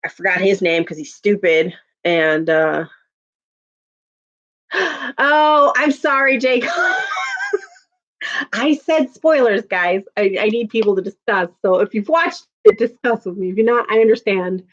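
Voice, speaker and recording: A woman's voice: medium pitch, sing-song, slow, pauses often, a bit bright, dull audio. A woman hosting a casual livestream, chatting with viewers, venting and laughing often. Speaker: livestream host reading chat.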